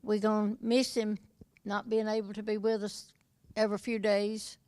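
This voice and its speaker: A woman's voice: mid-range voice, level tone, moderate pace, darkish tone, no echo. An older woman giving a heartfelt family tribute as a great aunt, ending in a blessing. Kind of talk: short spoken tribute.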